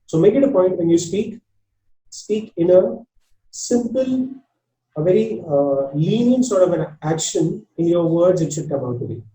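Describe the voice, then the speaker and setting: A man with an Indian English accent teaches a spoken English class online, talking in an earnest coaching manner and often repeating himself. His voice sits high, with a very dark, mellow tone. He sounds some way from the mic in an echoey room. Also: animated, a little slow, far from the mic.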